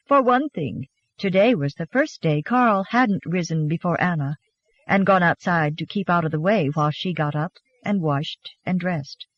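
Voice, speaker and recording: An audiobook narrator reading a romance novel in an expressive, gently animated storytelling manner. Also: medium pitch, no room sound, dull audio.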